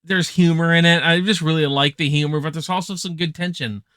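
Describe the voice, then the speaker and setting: A young man giving a casual, excited film review, swearing freely and packed with slang. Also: on the high side, fairly quick, smooth, no echo, clean studio sound. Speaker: movie reviewer.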